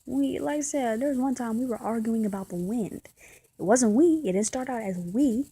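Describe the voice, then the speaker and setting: A woman's voice: a little high, moderate pace, mellow, slightly rough, low-quality recording. A woman vlogger speaking in a candid, venting confessional monologue, often repeating and restarting her words.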